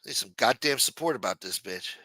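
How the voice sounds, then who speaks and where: A man's voice: fairly low pitch, animated, fairly quick, pushed and bright, husky, dry recording. A man hosting a live show, ranting bluntly in profane casual commentary. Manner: blunt, ranting, reads news aloud, quotes scenes in a Mafia-style voice.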